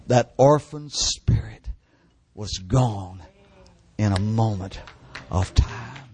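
Older guy preaching in church, fervent and repetitive, goes quiet and hushed at the big moments, dry close sound. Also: lowish voice, slow pace, husky, dry recording. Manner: fervent, repetitive, drops to hushed whispers at emotional peaks. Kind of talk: sermon testimony. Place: church service.

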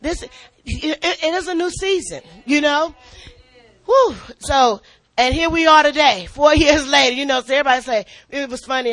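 Middle-aged woman, church preacher, spirited testimony, animated, laughs a lot, repeats words, dry close mic. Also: high voice, normal speed, no room sound.

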